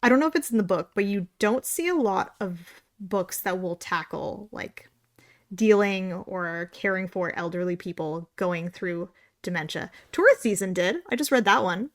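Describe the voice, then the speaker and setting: A woman's voice: mid-range voice, expressive, normal speed. Canadian woman, young, casual podcast co-host, rambling and wry. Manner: chatty, tangents, sarcastic asides. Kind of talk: casual chat.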